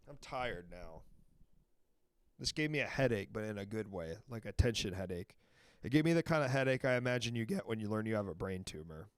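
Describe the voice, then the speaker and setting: A man in his thirties hosting a call-in show, ranting loudly and swearing in casual banter. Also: on the low side, brisk, dry recording, studio quality. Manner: loud, swearing, animated rants.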